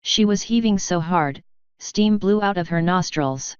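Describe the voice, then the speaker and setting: A woman narrating fanfiction in a steady storytelling manner. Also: lowish voice, unhurried, clean tone, no room sound. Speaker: audiobook reader. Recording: dry, dull lo-fi recording.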